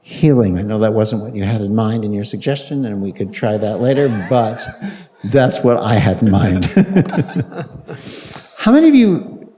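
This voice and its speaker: Guiding a live audience through an exercise from a panel in a large hall, a man coaxes playfully and repeats brief commands. His voice is fairly low and dark, very animated yet measured in pace, with long hall reverb around it.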